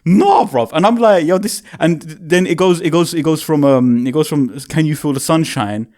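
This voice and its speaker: A young man tells an excited, slang-heavy story about a concert, swearing and acting out his own loud reactions. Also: on the high side, normal speed. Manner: animated, swearing, British slang, reacts in loud quoted exclamations. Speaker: video creator.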